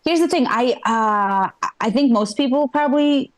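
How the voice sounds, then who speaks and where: A woman's voice: fairly high pitch, expressive, normal speed. A middle-aged woman from Ukraine, a stand-up comedian telling a rambling live story on a small club stage and checking in with the crowd.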